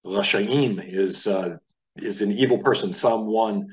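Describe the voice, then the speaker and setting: This is a relaxed, informal Hebrew lesson from an American man who pronounces letters out loud. His pitch is fairly low and his delivery unhurried, though the distant mic makes for a rough recording.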